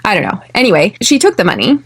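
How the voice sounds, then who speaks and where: A young American woman from California, hosting an English lesson podcast and speaking clearly and deliberately, slowing down for drills. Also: mid-range voice, sing-song, fairly bright tone. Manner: clear, deliberate, slows for repeat-after-me drills. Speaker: podcast host, English teacher.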